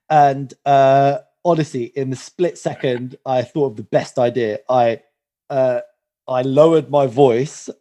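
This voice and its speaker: A man's voice: medium pitch, a little mellow. A young man on a podcast, telling a story in a loose, rambling way full of fillers. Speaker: podcast co-host. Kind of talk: casual chat.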